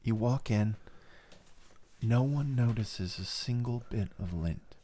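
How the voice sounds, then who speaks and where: A man's voice: medium pitch, slow pace, dark tone. A man co-hosting a podcast in casual chat, teasing his co-host and trying out silly accents.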